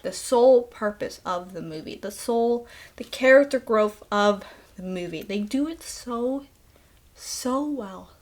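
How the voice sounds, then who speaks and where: A woman's voice: a little high, animated, unhurried. A woman host casually recapping a film in a chatty, playful way, with bursts of mock outrage. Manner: chatty, playful, breaks into laughs. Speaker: podcast host.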